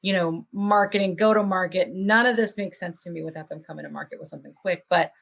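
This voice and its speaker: A woman's voice: lowish voice, fast talker, creaky, a bit bright. A woman hosting a podcast, talking casually in long, earnest, hopeful run-on thoughts. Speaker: podcast host.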